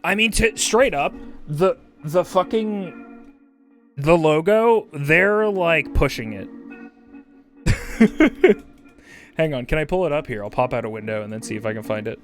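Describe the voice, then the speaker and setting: A male streamer chatting casually on a livestream while high, rambling and swearing casually as he reads chat aloud. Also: animated, unhurried, long pauses, faint music behind.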